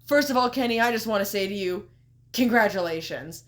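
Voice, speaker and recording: A woman quoting an earnest, respectful male wrestler who speaks in a flattering way. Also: medium pitch, fairly quick, close to an everyday voice.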